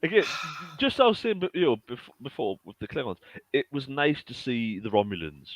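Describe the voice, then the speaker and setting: A man's voice: mid-range voice, big pitch swings, brisk, no room sound. A man who is a podcast guest, chatting casually, stammering and poking fun at himself. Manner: stammering, self-mocking. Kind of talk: casual chat.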